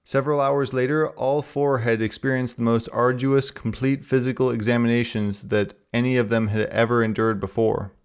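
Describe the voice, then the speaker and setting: A man reading a novel aloud in a steady, even narration. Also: medium pitch, normal speed, few pauses, clear, resonant tone.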